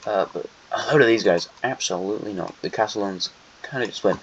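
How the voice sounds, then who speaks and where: A low-voiced man talks through a map in a loose, rambling way, correcting himself as he goes and tossing in wry asides. The sound is dull and lo-fi, missing its top end. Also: fairly quick, a little hiss or hum. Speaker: host. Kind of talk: casual map commentary.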